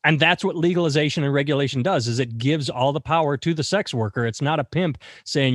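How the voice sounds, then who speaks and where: A man's voice: fairly quick, no room sound, studio quality. A man co-hosting a casual comedic news podcast, sarcastic and crude, his voice jumping up when he mocks. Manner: sarcastic, swings high when mocking. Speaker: podcast co-host.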